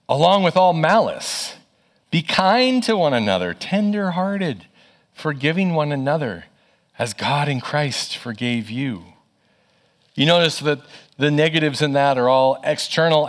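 A man's voice: medium pitch, fairly bright tone. A middle-aged man, a pastor, preaching a sermon in an earnest, conversational way, telling personal stories and repeating phrases for emphasis.

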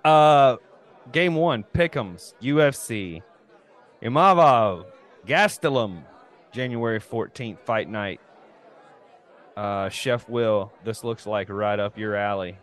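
A man's voice: on the low side, animated, slow, a bit bright, smooth, some chatter behind. A man hosting a casual podcast, rambling loosely and laughing often. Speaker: podcast host. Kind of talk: casual chat.

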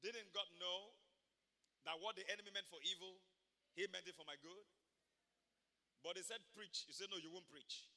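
High-voiced, bright preaching man. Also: fairly even intonation, moderate pace, gravelly, pauses often, in a large hall. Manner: emphatic storytelling preacher with sudden loud bursts. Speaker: pastor. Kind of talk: sermon. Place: church service.

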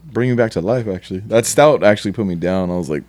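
A man's voice: lowish voice, fast, a little mellow, no room sound. A man co-hosting a casual podcast chat, teasing and laughing often. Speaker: podcast co-host.

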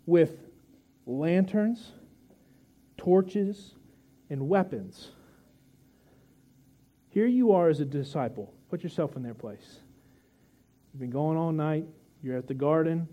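A pastor preaches to his congregation in a conversational, joking manner, retelling scripture through vivid storytelling and dramatic pauses. His voice sits on the high side, with lively intonation and a dark tone.

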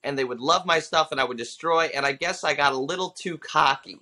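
Brief: male comic in his 30s, bright tone, lively storyteller who drops into voices. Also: fairly high pitch, a little fast. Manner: animated storyteller who slips into character voices for quotes. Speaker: stand-up comedian guest. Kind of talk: casual interview storytelling.

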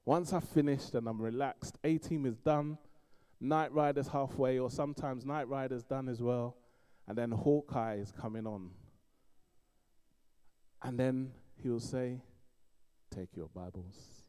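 A middle-aged man from East London with a London accent, preaching a sermon in an animated storytelling way, swinging between loud emphasis and quiet asides. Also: mid-range voice, a little slow, clear, resonant tone.

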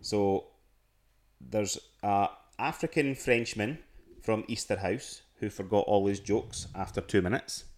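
A man's voice: fairly low pitch, unhurried. A Scottish man co-hosting a podcast, telling stories in casual chat with many restarts. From Scotland. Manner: rambling storytelling with frequent restarts and laughs. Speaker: podcast co-host.

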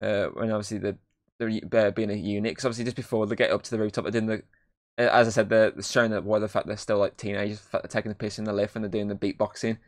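Young male film reviewer, slightly low voice, rambling, casual, swears a lot. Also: little pitch movement, rapid-fire. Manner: rambling, lots of fillers and swearing. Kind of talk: casual podcast chat.

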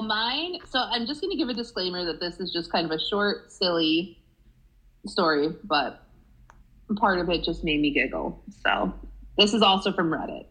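A woman co-hosting a casual podcast chat, talkative and quick to giggle as she reads a story aloud. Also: mid-range voice, pushed and bright, low-quality recording. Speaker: podcast co-host.

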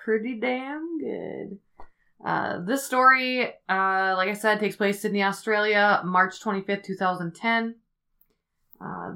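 A woman with a medium-pitched voice hosts a podcast, telling a story casually and ramblingly. She thinks out loud, using many fillers along the way.

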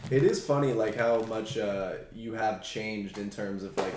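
A man's voice: fairly low pitch, fairly even intonation, a little slow, darkish tone, echoey room, slight background noise. A man co-hosting a podcast in laid-back, joking casual chat.

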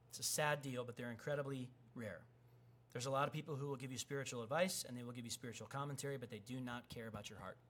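A man in his thirties, a pastor preaching a sermon and acting out quoted voices. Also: mid-range voice. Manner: animated, acts out quoted voices.

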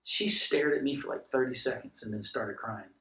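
A middle-aged man, appearing as a guest pastor on a podcast, tells stories at a normal pace in a medium-pitched voice. He's an animated storyteller who acts out the dialogue. The mic sits at a distance, so the sound is roomy.

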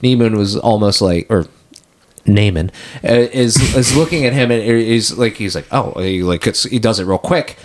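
A man's voice: fairly low pitch, moderate pace. A man co-hosting a casual movie discussion podcast, talking animatedly with frequent restarts and self-corrections. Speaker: podcast co-host.

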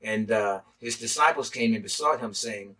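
A man, a pastor, teaching a sermon in a halting way with many filler sounds. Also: fairly low pitch, sharp tone, distant mic, rough recording.

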